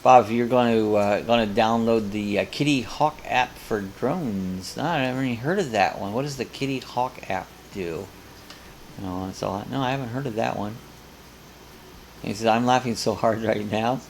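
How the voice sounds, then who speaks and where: An older man hosts a live coffee chat, casually reading viewer comments aloud and rambling in between. His voice sits on the low side at a moderate pace, with a little hiss or hum in the background.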